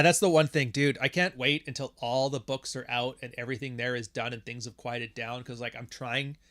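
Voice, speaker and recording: A man's voice: mid-range voice, fairly bright tone, dry recording, studio quality. Profane, rambling man hosting a podcast. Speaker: podcast host. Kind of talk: casual livestream chat.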